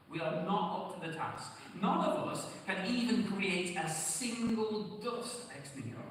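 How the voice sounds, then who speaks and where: A man preaching a sermon in a church hall, earnest and pleading, shifting between loud emphasis and hushed, quiet lines. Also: sits high, slight background noise. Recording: echoey church hall from far off.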